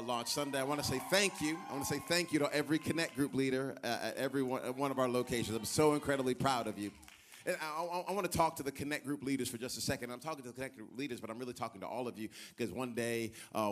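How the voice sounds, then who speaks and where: A middle-aged man preaching a sermon as pastor in a church, animated and acting out the voices of people in his stories. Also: medium pitch. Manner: animated, acts out voices of others. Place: church sanctuary.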